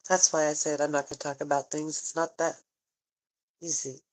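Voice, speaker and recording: A woman talking tearfully in a personal vlog, halting and sighing often, frank and swearing at times. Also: deep voice, little pitch movement, a little mellow, rough recording. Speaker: vlogger.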